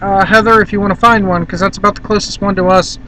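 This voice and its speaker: A man's voice: high voice, steady tone, quick pace, bright, forceful tone, a little hiss or hum, rough recording. A man from Virginia rambling casually and bluntly to the camera in a vlog, filmed on a handheld camera in a car. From Virginia, USA. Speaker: vlogger.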